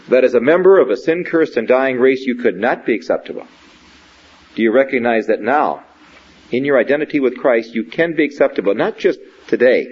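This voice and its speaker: A man giving a sermon in an earnest, questioning, measured way, speaking directly to a young believer. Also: mid-range voice, slightly rough. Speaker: preacher. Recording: dull lo-fi recording.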